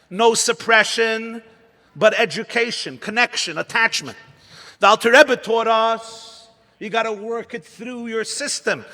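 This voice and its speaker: A man, a rabbi, telling a story at a gathering animated, dramatic delivery and sudden drops to hushed lines. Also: high voice. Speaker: rabbi giving a talk. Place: large ballroom. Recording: long hall reverb.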